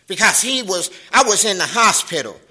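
Telling his recovery story at a meeting, a middle-aged man speaks African American Vernacular English with animated, streetwise energy, profanity and laughter. His high voice has a breathy edge and normal speed, and the audio is poor.

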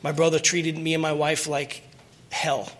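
A man's voice: on the high side, little pitch movement, measured pace, fairly bright tone. A middle-aged man telling his personal recovery story at a meeting, earnest and emotional, rambling with restarts.

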